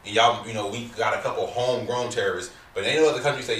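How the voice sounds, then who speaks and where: A podcast host with a mid-range, fairly bright voice runs a casual chat at rapid-fire speed with few pauses. He talks loosely, joking and using slang, and the distant mic picks up a roomy sound with faint hiss.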